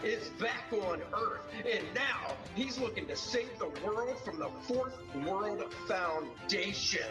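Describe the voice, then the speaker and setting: A man's voice: high-pitched, lively intonation, takes it slowly, hardly any pauses. A man narrating a dramatic promo trailer in a punchy announcer style. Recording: video played back over music, roomy and distant. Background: loud music.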